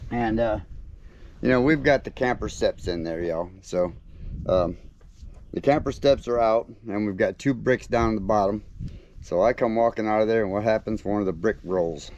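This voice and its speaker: A man chatting casually to viewers on his homestead, folksy and quick to laugh. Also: on the low side, a little mellow, lo-fi sound. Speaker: homesteading vlogger. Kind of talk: casual vlog chat to camera. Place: outdoors on a rural homestead.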